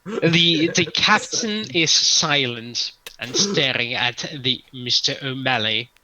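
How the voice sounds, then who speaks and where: A man playing a tabletop role-playing game who describes his character's actions in a brisk, matter-of-fact way. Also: mid-range voice, animated, a crowd in the background, rough recording. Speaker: player. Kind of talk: casual tabletop role-play talk.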